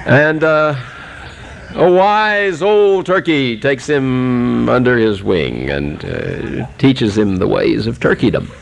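A male preacher telling a humorous animal story in a folksy, unhurried sermon, with many pauses and fillers. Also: medium pitch, lively intonation, creaky, slight background noise.

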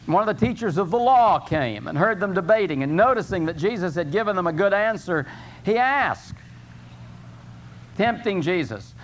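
An older man preaches a sermon, his voice sitting a little high for a man. He is earnest and slows right down to draw out scripture. A faint hiss of noise sits behind him. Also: lively intonation. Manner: earnest preaching, rising for emphasis, slow drawn-out scripture quotes. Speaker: pastor.

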